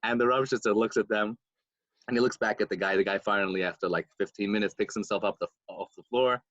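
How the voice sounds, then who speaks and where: A man co-hosting a podcast, telling a story in a casual, animated way and acting out the quotes. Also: fast, no room sound, muffled recording. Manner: animated storyteller, acts out quotes with big pitch jumps. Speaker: podcast co-host.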